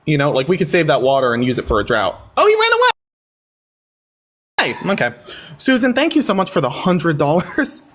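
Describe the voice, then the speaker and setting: Guy on his livestream roasting callers, lively sarcastic voice bouncing up and down, kinda high. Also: brisk. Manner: sarcastic, taunting, animated. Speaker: livestream debate host. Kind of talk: casual live-stream chat and debate.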